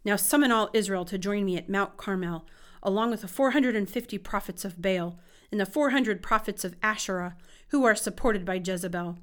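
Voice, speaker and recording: A woman's voice: mid-range voice, fairly quick, close to an everyday voice. A woman reading the lines of a bold, fervent male prophet in an earnest, declaiming way. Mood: declaring.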